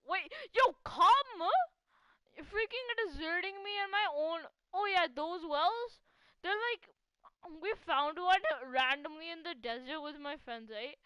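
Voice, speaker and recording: High, lively woman gaming. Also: measured pace, dry recording. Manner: excitable, laughs often, teasing a teammate. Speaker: gaming channel host. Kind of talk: casual live gameplay commentary.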